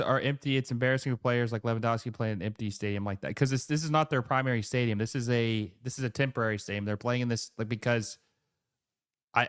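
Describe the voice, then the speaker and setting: A man hosts a live football watch-along, calling each pass in quick excited bursts before slipping into easy chat with his viewers. His voice is smooth and clear, sitting close and dry on the mic with no room sound around it. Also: mid-range voice, dry recording. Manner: excitable play-by-play, chatty asides to viewers. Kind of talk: live match commentary and chat reading.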